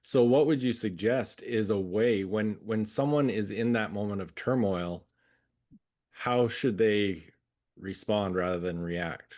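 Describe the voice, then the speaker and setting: Low-voiced man hosting a podcast. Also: measured pace, a little mellow. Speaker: podcast host. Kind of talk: interview questions.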